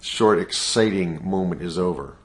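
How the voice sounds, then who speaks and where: Lower-voiced guy, middle-aged life coach, casual motivational talk, keeps asking the same questions. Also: moderate pace, background noise. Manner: earnest, repetitive self-coaching questions. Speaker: personal mastery coach.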